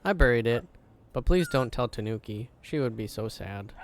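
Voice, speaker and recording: A man reading game dialogue aloud, voicing an excitable, childlike talking dog in a bubbly, pleading way. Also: medium pitch, normal speed, a little hiss or hum, natural voice. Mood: eager.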